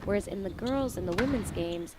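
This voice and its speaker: A woman's voice: medium pitch, a little fast. A woman giving live color commentary on a squash match, often acting out players' thoughts in quotes. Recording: noisy venue audio.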